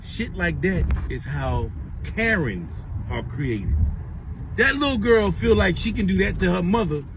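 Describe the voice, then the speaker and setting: A man's voice: high voice, measured pace, noisy background. A man telling a rambling, profane story to his viewers from his car on the way to work. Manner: rambling, profane, animated retelling. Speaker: vlogger. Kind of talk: casual storytelling rant.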